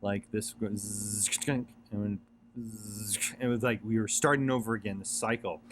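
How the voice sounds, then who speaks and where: A man's voice: lowish voice, little pitch movement, measured pace, noisy background. A man giving an earnest, rambling motivational talk, repeating himself and using many fillers and restarts. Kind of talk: casual motivational monologue.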